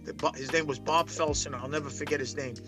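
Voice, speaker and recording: A man's voice: on the high side, steady tone, fast talker, music in the background. A man, telling his life story as a guest in a long rambling interview, full of restarts. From Brooklyn, New York. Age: 60s. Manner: rambling, emphatic, many restarts. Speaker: poker pro guest.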